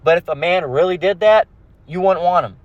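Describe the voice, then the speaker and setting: A man's voice: high voice, brisk, no echo. Profane ranting man, lo-fi sound. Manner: aggressive, profane, repeats "all right?". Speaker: religious channel host. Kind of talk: ranting monologue.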